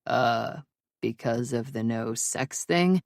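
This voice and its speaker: Woman doing a raspy hungover hockey guy. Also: slow pace, a little mellow, no echo, studio quality, heavily acted. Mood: sheepish, rough. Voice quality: rasping, low and subdued. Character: hungover young male hockey player, rough and sheepish. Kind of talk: audiobook character reading.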